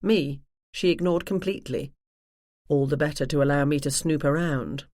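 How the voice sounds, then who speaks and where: A woman audiobook narrator reading a first-person mystery in a wry, measured manner. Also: low-pitched, darkish tone, no room sound, clean studio sound.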